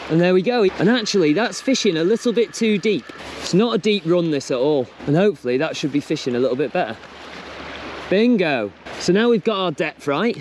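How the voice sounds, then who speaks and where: A man's voice: a little high, a little mellow, slight background noise. A young man fishing on a riverbank outdoors, chatting casually and jokily as he explains his method and cheers when he hooks a fish. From England. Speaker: fishing vlogger. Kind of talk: casual instructional chat.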